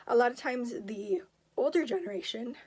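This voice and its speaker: A woman's voice: on the high side, lively intonation, a little mellow, breathy edge. Choked-up woman, fighting back tears. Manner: halting, emotional, frequent pauses and apologies. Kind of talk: confessional vlog.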